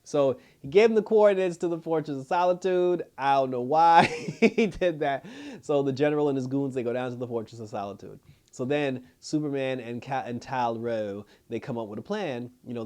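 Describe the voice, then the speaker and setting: A man recapping a TV episode in casual talk, laughing often and acting out the characters' lines in a lower voice. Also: brisk, darkish tone. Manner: loose storytelling, laughing often, acting out quotes. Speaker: show reviewer.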